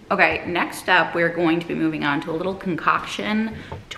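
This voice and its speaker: A woman's voice: on the low side, a little fast, gravelly, pushed and bright, roomy sound, slight background noise. A woman in her twenties from Quebec, talking casually to camera in her home kitchen as she cooks. Her tone is upbeat and encouraging, with playful asides. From Quebec, Canada. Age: 20s. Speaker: eating disorder recovery coach and vlogger. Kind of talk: casual cooking vlog talk to camera.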